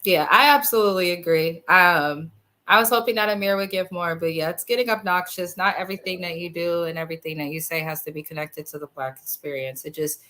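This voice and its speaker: A woman hosts a laid-back recap chat, quick to agree and often laughing. Her voice is fairly low yet bright and forceful in tone. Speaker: host. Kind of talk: casual recap discussion.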